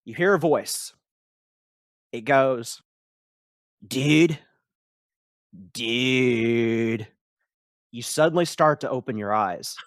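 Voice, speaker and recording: A man narrating a tabletop game as game master, setting scenes in slow, descriptive turns. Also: mid-range voice, lively intonation, dry recording, studio quality.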